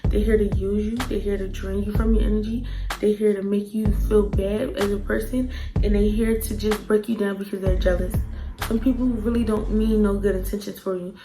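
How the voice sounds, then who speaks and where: A young woman tells a storytime vlog with blunt, profane energy and acts out every quoted outburst. Her pitch sits in the middle range. Music plays clearly underneath her voice. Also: little pitch movement, fairly quick, low-quality recording. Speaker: vlogger.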